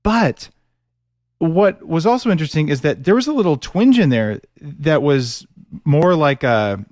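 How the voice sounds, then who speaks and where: A man's voice: a little high, big pitch swings, unhurried, a little mellow, no echo, clean studio sound. A man hosting a podcast interview, talking reflectively and candidly about his own experience. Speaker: podcast host. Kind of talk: conversational interview.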